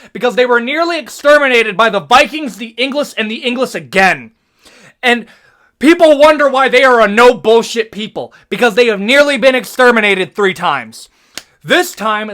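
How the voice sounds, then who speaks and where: A young American man with an American accent giving slangy, animated tier-list commentary as host, swearing freely. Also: very high voice. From United States.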